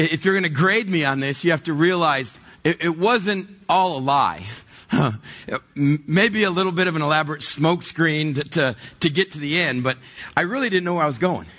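A middle-aged pastor tells stories from the church stage in a high, husky voice. He is animated and pokes fun at himself, acting out both sides of every conversation. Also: moderate pace. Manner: animated, self-mocking, acts out dialogue. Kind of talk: storytelling sermon. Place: church stage before a congregation.

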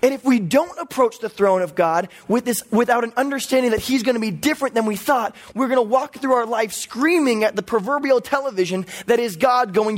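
A male pastor preaching a teaching sermon in a high, light voice. He walks through scripture point by point and drops in playful asides as he goes. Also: a little fast, few pauses.

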